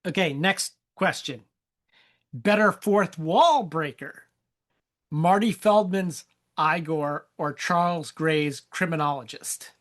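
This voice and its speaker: Podcast host, slow talker, bright tone, casual chat, relaxed asides. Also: mid-range voice. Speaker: podcast host asking the questions.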